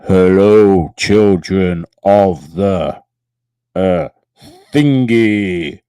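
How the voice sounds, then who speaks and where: A Yorkshire man doing a dragging, low, mellow put-on voice, loud and ponderous, in a dead-dry room. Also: smooth, dry recording. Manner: drawn-out, loud, ponderous delivery.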